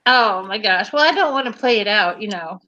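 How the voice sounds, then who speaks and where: A woman's voice: mid-range voice, lively intonation, fairly quick, bright, forceful tone, highs cut off. A woman chatting casually with friends, joking and laughing often, slipping into silly put-on accents. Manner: giggly, joking, puts on silly mock accents. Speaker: show host. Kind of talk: casual chat among friends.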